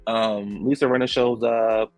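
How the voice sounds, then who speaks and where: A man giving casual, animated commentary as a reality show recap host, slangy, acting out the quotes. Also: lowish voice, a little slow, no echo, faint music behind.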